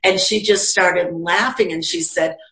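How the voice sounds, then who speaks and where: A psychic medium and teacher talks about her work in a conversation, her slightly low voice moving a little slowly. She tells stories in a relaxed, chatty way, acting out quoted voices with lively energy. The room gives her voice a noticeable echo.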